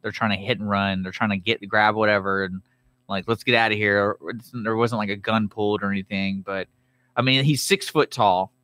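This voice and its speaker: Bright, blunt low-voiced man. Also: steady tone, a little fast, no echo. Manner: blunt, dismissive opinions. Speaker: podcast co-host. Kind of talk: casual chat.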